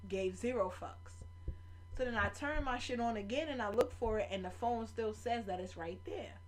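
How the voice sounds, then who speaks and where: A woman hosting a home podcast, telling stories in a lively, profane way. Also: fairly high pitch, moderate pace. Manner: animated, profane storytelling with loud acted-out quotes. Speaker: podcast host. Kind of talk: casual storytelling chat. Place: home room near a kitchen window.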